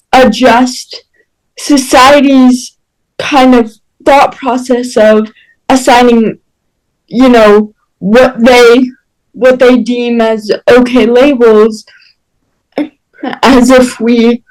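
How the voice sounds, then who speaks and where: High-voiced, slow-talking woman host. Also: poor audio. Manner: slow, thoughtful, with restarts. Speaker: podcast host. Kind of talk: podcast interview.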